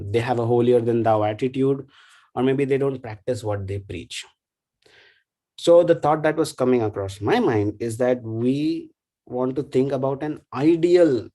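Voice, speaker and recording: A man giving a devotional class talk in a thoughtful, halting way, with frequent fillers and tag questions. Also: medium pitch, warm tone. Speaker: devotional speaker.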